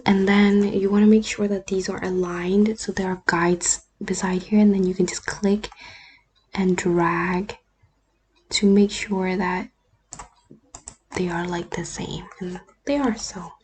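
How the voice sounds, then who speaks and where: A woman whose first language is not English, talking through a screen-recorded editing tutorial in a relaxed, often half-whispered way. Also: medium pitch, takes it slowly, pauses often, slight background noise. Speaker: YouTuber. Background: faint keyboard and mouse clicks.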